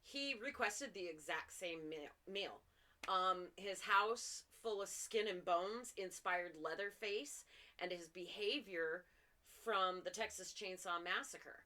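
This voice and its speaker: A young woman co-hosting a casual podcast chat, trading dark humor about killers and swearing casually, with lots of fillers. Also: lowish voice, takes it slowly. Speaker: podcast co-host.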